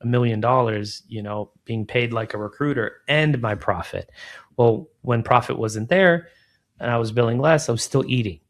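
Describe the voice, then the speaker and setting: A middle-aged business founder, head of a recruiting firm, guests on an interview and talks at a normal speed with a medium-pitched voice. Chatty and animated, he plays out quoted dialogue and often drops "man" and "like."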